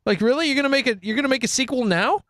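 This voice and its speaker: A man's voice: very high voice, very fast, a bit bright, dry recording. A man hosting a casual comedy chat, joking and laughing often as he asks the questions. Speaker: podcast host asking the questions.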